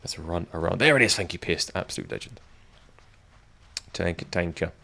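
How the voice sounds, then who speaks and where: A man's voice: sits low, moderate pace, creaky, bright, forceful tone, low-quality recording. A man chatting and joking with viewers while he streams a game. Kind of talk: live gameplay stream chat. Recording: game sound noise behind.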